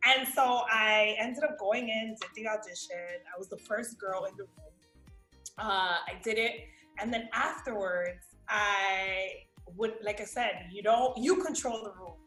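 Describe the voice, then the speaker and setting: Bright-voiced woman with a New York tinge. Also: mid-range voice, a little slow. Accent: New York-tinged American. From Miami, USA. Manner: animated, swears freely, acts out quoted voices. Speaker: actress guest. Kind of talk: casual storytelling interview. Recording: roomy echo with faint music.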